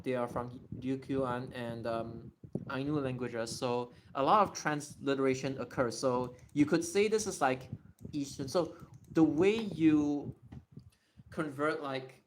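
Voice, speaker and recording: A livestreamer in a casual Q&A, excitable and thinking out loud while typing. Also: medium pitch, noisy background.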